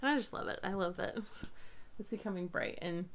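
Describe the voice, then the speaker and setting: A woman in her thirties hosting a knitting podcast, chatting casually and telling family stories in a warm-hearted way. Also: mid-range voice, a little fast. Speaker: podcast host. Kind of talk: casual chat.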